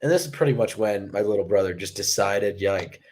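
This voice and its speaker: A man's voice: lowish voice, lively intonation, brisk, a little mellow. A young man co-hosting a casual show and telling a long story to a live chat. His talk is rambling and profane, full of fillers and restarts. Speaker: podcast co-host.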